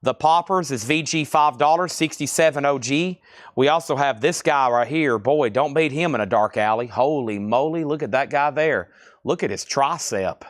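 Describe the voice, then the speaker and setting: Man, Southern US accent, live sale host, quick joking patter, dry close sound. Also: medium pitch, no room sound. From Tennessee, US. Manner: fast, joking patter, drawled Southern vowels. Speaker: live-stream record seller. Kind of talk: live sales auction chat.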